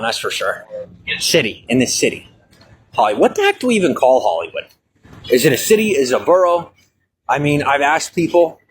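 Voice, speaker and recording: A man's voice: on the high side, slightly rough, low-quality recording. A man chatting casually and bluntly while walking down a city street filming a vlog, swearing freely. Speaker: vlogger.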